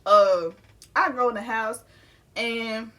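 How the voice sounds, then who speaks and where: A woman's voice: on the high side, fairly even intonation, takes it slowly, bright, forceful tone. A young adult woman telling a personal story in a casual, candid way, full of slang and swearing. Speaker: vlogger.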